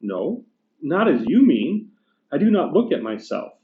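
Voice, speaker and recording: Brief: a man voicing a serene male spirit from a book reading, measured and gentle, slightly raised voice, roomy lo-fi sound. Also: on the high side, very animated. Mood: calm. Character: serene, joyful male spirit, calm and patient. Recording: echoey room, dull lo-fi sound.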